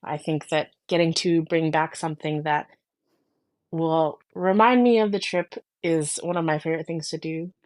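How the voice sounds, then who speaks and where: A woman's voice: deep voice, fairly even intonation, moderate pace, darkish tone. A woman hosting a podcast in casual chat, talking enthusiastically in long flowing sentences. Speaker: podcast host.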